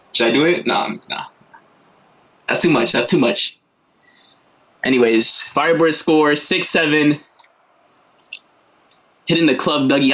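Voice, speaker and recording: A man's voice: high voice, bright, forceful tone. Young man joking through game commentary. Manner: joking, rambling, slangy asides. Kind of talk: casual livestream play-by-play commentary.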